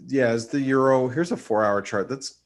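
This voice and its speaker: A man's voice: mid-range voice, moderate pace. A man giving casual, rambling market commentary on a webinar, with many restarts and fillers. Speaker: market analyst co-host.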